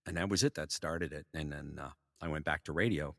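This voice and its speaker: A middle-aged male voice actor telling animated stories in a casual interview, full of fillers. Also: extremely low pitch, a little fast, vocal fry, dry recording, clean studio sound, big-room sound. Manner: animated anecdotes, frequent fillers and laughs. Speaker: voice actor guest.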